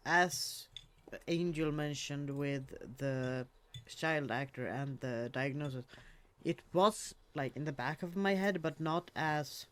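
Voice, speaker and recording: Slow, halting man on a podcast. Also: fairly high pitch, a bit bright. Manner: hesitant, restarts phrases. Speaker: podcast co-host. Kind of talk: casual movie discussion.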